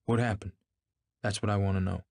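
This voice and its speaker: A man voicing a brash, wealthy husband who speaks in gruff, clipped remarks. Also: lowish voice, fairly even intonation, a little fast, darkish tone. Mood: blunt.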